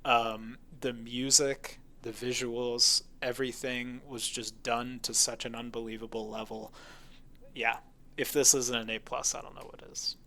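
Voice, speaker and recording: A man's voice: medium pitch, flat delivery, measured pace, pushed and bright. A man co-hosting a casual video game podcast, talking with enthusiasm and emphasis. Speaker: podcast co-host. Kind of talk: casual game review chat.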